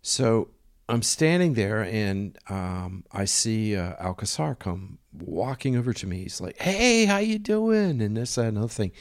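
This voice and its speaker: Gravelly low-voiced man telling a story. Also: animated, a little slow. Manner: rambling, filler-heavy storytelling with quoted dialogue. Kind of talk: casual anecdote.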